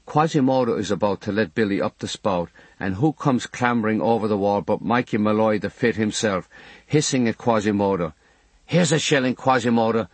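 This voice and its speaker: A man's voice: lowish voice, a little fast, slightly rough, no echo. A man reading a memoir audiobook in a wry storytelling manner. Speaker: audiobook narrator.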